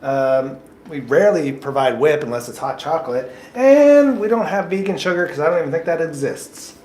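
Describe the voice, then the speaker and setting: A man's voice: a little high, lively intonation, moderate pace, a little mellow. Upbeat joking male job coach. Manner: upbeat, joking, explains patiently. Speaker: job coach running mock interviews. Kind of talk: casual coaching talk. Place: coffee shop, indoors. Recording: echoey coffee shop room.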